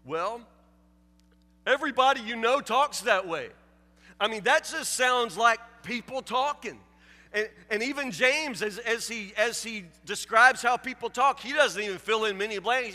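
High, bright-voiced stammering preacher man. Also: a little slow, in a large hall. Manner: stammering repetitions, rhetorical questions, conversational asides. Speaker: pastor. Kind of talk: sermon. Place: church sanctuary.

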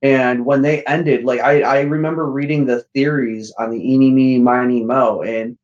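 Animated, swearing man on a dull line. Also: mid-range voice, fairly quick. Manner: animated, profane storytelling with acted-out quotes. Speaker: podcast guest. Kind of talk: casual chat.

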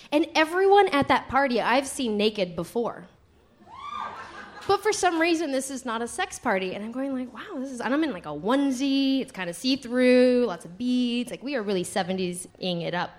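A young adult woman telling a comedic story to a live audience, animated and giggly, acting out her friends' voices. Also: fairly high pitch, a little hiss or hum.

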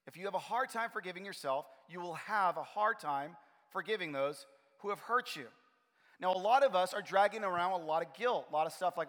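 A man preaching a sermon as pastor of his church, telling stories in an animated way. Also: sits high, a little fast. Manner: animated storytelling, acts out his own frustration. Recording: long hall reverb.

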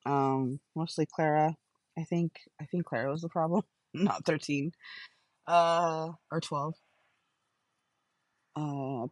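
In a low voice, a woman who hosts a podcast records a loose audio journal on her phone while sitting in her car, rambling with lots of fillers and self-corrections. There's no room sound, and the recording is rough.

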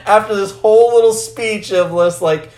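A man's voice: high-pitched, moderate pace, a little mellow, reverberant. A man co-hosting a casual chat about a film, rambling, swearing freely and acting out characters. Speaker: podcast co-host.

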